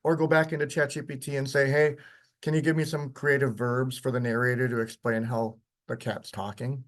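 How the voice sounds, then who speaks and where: A man teaching a workshop, walking through software in a casual, chatty way with frequent ums. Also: mid-range voice, level tone, a little fast. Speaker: workshop instructor. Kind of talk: live software demonstration lecture.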